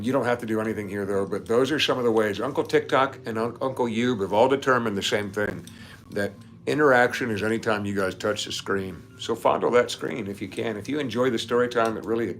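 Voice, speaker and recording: A man's voice: on the low side, a little fast, a bit bright. Rambling, laughing man hosting a livestream. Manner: rambling, laughs often, nerdy asides. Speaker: livestream host reading viewer comments. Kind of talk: casual live-stream chat.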